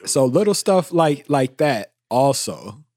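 A man co-hosting a podcast, giving advice in a relaxed, slangy way. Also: mid-range voice, slow, dry recording, studio quality. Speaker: podcast co-host. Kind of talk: casual chat.

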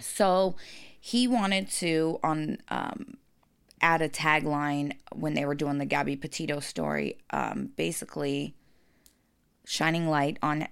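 Woman, very low voice, gravelly, blunt podcast banter, swears freely. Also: steady tone, takes it slowly. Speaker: podcast co-host. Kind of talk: casual chat.

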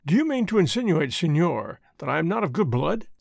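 A man's voice: fairly high pitch, big pitch swings, brisk, vocal fry, no echo, clean studio sound, heavily acted. A man reading the part of a haughty, touchy army captain, stiff and prickly.

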